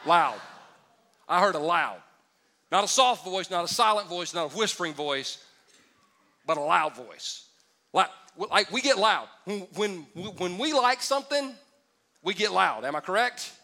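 A man preaching a lively sermon to a congregation, joking with the crowd and building up to shouts. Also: high-pitched, measured pace, pauses often. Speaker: pastor.

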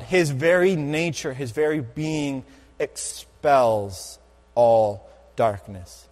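A man preaching a sermon, emphatic, slowing down and repeating key phrases for weight. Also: on the high side, a little mellow, long reverb tail.

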